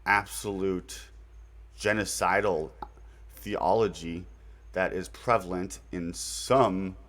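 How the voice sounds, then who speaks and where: A man hosting his own channel, talking through recommendations in a loose, rambling way with fillers and mild slang. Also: low voice. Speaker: channel host introducing his website. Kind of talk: casual unscripted monologue.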